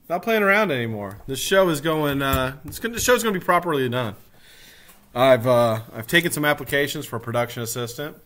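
Tired middle-aged guy live streaming, lively swings in pitch, bright voice, cusses a lot. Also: a little fast. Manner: animated, swears freely, greets viewers by name. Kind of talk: casual live stream chat.

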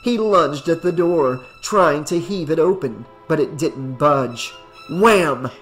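Brief: male audiobook narrator, steady delivery, slightly raised pitch. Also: unhurried, faint music behind. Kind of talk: audiobook narration of horror fiction.

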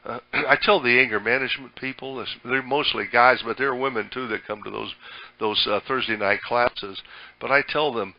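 A man's voice: mid-range voice, normal speed, lo-fi sound. An older man preaching a sermon as pastor, folksy and conversational, with many fillers and restarts.

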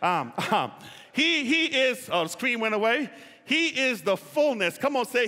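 A man's voice: very high voice, big pitch swings, normal speed, bright, forceful tone. A male pastor preaching a sermon, calling on the congregation to repeat phrases and stretching out key words for emphasis. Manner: call-and-response preaching, drawing out key words. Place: church sanctuary. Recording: reverberant church hall. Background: long hall reverb.

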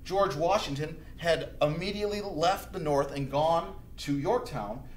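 A man teaching high school history in a casual, chatty lecture, acting out historical figures as he goes. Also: unhurried, a little hiss or hum. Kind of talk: recorded classroom lecture. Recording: echoey room recording.

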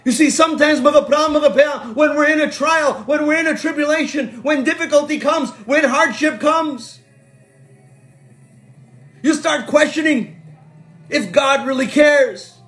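A male pastor preaching a sermon, swinging from soft and slow to shouting and repeating phrases for emphasis. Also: very high voice, faint music behind.

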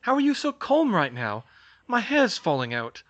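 A man voicing a nervous, excitable young woman in a much higher, anxious voice. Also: slow pace, dull audio, exaggerated voice. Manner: high, anxious, protesting.

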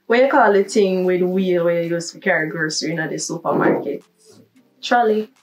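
A woman's voice: lowish voice, normal speed, far from the mic, low-quality recording. A young woman with a Jamaican accent, chatting upbeat in a casual accent-tag vlog. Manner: chatty and upbeat, switching into patois. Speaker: vlogger.

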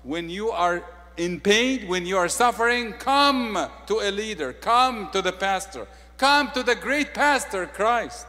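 A man with an Egyptian accent preaching a sermon, swinging between quiet, intimate asides and loud, emphatic declarations. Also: sits high, lively intonation, a little slow, big-room sound.

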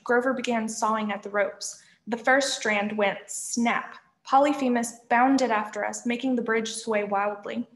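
A woman's voice: on the high side, echoey room. Woman reading a novel aloud. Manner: lively first-person narration, shouting quoted lines. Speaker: reader.

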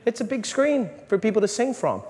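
A man, a priest, giving an animated, joking talk to a live audience, often restarting his sentences. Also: very high voice, fairly quick. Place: large hall. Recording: long reverb in a hall, faint room noise.

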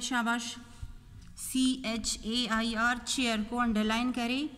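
A woman teaching a grade-one English lesson, repeating each sentence slowly and explaining words in Hindi-Urdu. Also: fairly high pitch, a bit bright, long reverb tail. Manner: slow, deliberate repetition of sentences, mixing in Hindi-Urdu explanations.

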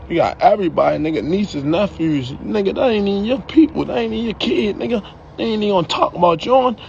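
A man's voice: high voice, fast, creaky, darkish tone, highs cut off, a little hiss or hum. A young man in a heated, profane rant to the camera, ending his lines with "yo". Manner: profane, heated, repeats "yo" at line ends.

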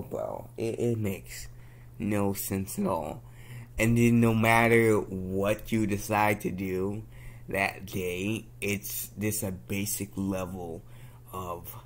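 A young man venting in a casual, slangy monologue, repeating himself and bursting into loud outbursts. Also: lowish voice, fairly even intonation, slow. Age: young adult. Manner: slangy, repeats himself, laughs at his own jokes. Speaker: vlogger.

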